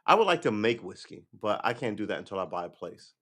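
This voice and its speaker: A man's voice: lowish voice, very animated, fast talker, fairly bright tone. A middle-aged man hosting a livestream, chatting casually to viewers in a loose, rambling way, swearing and laughing often. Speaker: livestream host.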